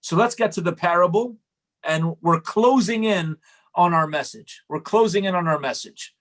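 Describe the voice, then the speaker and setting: Male Torah teacher, conversational and repetitive, a touch high-pitched. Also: moderate pace, a bit bright. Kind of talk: storytelling Torah lesson.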